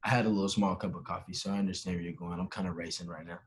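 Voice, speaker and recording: Here is a young man with a somewhat low voice, chatting as a podcast guest. He tells his story with animation and jumps into the voices of the people he quotes. His talk is relaxed and casual. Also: racing. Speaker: podcast guest, professional baseball player.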